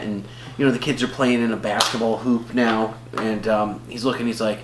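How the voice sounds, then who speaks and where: Speaking a little fast in a lowish voice with fairly even intonation, this man co-hosts a casual podcast reviewing movies. He rambles on with many fillers and restarts, and the audio carries a roomy echo plus a faint hum.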